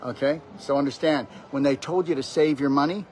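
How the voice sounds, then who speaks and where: A man's voice: on the high side, a little fast, a little mellow, slight background noise. A man delivering a rambling, emphatic motivational monologue on natural health, preaching straight at the listener. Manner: preachy, emphatic, keeps addressing the listener directly.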